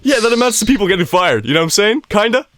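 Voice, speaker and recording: A man's voice: high voice, sing-song, very fast, a bit bright, no echo. A young man co-hosting a casual chat, laughing often and acting out quoted lines in swearing banter. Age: young adult. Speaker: podcast co-host.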